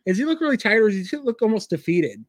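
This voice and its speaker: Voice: medium pitch, sing-song, fast talker, dry recording. Easygoing podcast co-host recapping. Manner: easygoing, laughs often, walks through the episode. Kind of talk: casual chat recapping a TV episode.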